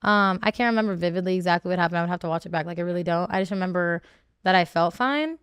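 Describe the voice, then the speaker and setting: A woman's voice: fairly low pitch, racing, fairly bright tone, clean tone, dry recording, clean studio sound. A woman, a reality show contestant, talking candidly in a podcast interview, emotional and rambling with many fillers and restarts.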